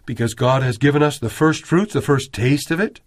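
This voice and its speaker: A man preaching a sermon in an earnest, measured way, raising his voice when he quotes prayers. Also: medium pitch.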